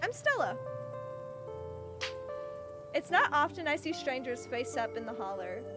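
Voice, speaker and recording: Woman doing a high, gracious belle townswoman over game music. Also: big pitch swings, measured pace. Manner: gracious, flowery, polite. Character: genteel Southern woman of a small town.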